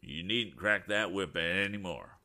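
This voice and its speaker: A man's voice: deep voice, expressive, unhurried, bright, forceful tone, exaggerated voice. A man voicing a burly, grizzled older farmer who talks in a drawling rural dialect. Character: burly grizzled old male farmer, folksy.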